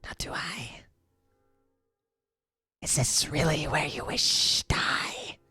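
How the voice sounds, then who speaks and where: A man's voice: a little high, music in the background, pitched above the performer's own voice. A man whispering as a menacing serpent creature. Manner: hissing whisper, slow and threatening. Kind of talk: whispered role-play.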